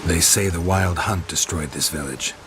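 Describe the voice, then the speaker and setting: A man's voice: normal speed, background noise, lightly acted. An actor voicing a laconic male witcher monster hunter in terse video game dialogue, with heavy rain in the background. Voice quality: very deep, terse. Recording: game audio with loud rain.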